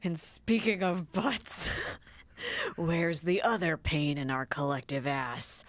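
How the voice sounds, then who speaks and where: A woman reading a novel aloud, voicing a sardonic young male roommate who speaks in a lowered, drawling, deadpan way. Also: takes it slowly, no room sound. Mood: teasing.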